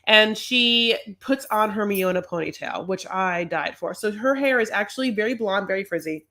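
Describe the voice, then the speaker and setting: A woman's voice: mid-range voice, normal speed, pushed and bright. A woman co-hosting a podcast in casual chat, rambling and playful while recapping a reality show. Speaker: podcast co-host.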